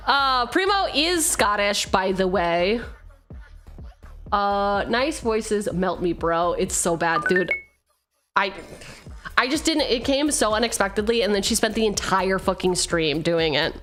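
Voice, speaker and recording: A woman's voice: mid-range voice, animated, takes it slowly, long pauses, a bit bright, faint music behind. A woman streamer chatting casually and swearing freely while opening card packs, laughing often.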